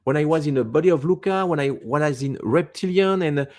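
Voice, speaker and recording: A man in his fifties from France, a native French speaker with a Quebec French accent, talking as an interview guest in halting English and searching for words. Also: on the high side, a little mellow. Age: 50s. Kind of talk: casual interview talk.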